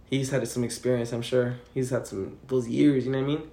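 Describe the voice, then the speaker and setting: A man's voice: mid-range voice, little pitch movement, a little fast, creaky, dark tone, echoey room. A man co-hosting a casual podcast chat, laughing often and swearing casually. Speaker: podcast co-host.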